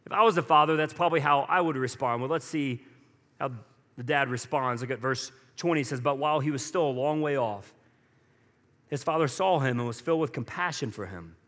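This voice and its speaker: A man's voice: medium pitch, brisk, fairly bright tone, long reverb tail. A man preaching a sermon as pastor, talking conversationally and acting out quoted lines with rising energy.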